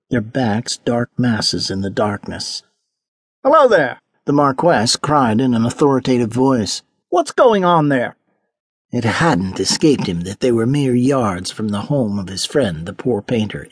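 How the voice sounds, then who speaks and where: A man reading a historical mystery audiobook in measured, dramatic narration on a close microphone. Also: mid-range voice, darkish tone, husky, no echo. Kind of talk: scripted narration.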